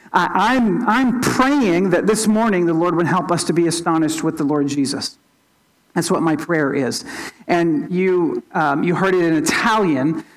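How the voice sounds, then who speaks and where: A pastor giving a sermon in an earnest teaching tone, often restarting and repeating small words. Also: poor audio. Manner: opens with a quiet, low spoken prayer.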